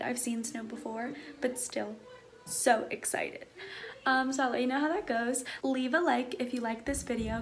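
A young woman talking to camera in a casual travel vlog, chatty and excitable, with lots of "um" and "like". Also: high voice, a little hiss or hum. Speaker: vlogger.

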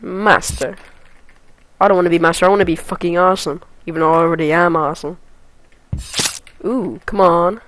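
A woman giving gameplay commentary, excitable and foul-mouthed, with loud sudden yelps and shouts between muttered remarks. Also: lowish voice, fairly quick, pauses often, slight background noise, poor audio. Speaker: let's play gamer.

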